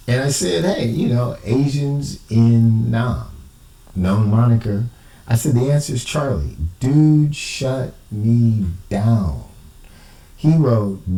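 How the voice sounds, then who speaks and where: A man's voice: medium pitch, big pitch swings, measured pace, a little mellow, echoey room, distant mic, poor audio. A man, an amateur cipher investigator, talking in an emphatic, indignant personal monologue. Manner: emphatic, indignant, quotes others in exaggerated voices.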